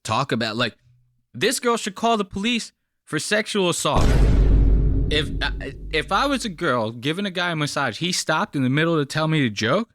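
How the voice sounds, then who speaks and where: A man's voice: fairly high pitch, big pitch swings, moderate pace, music in the background. A man hosting a reaction channel, giving profane, mocking casual commentary on a clip.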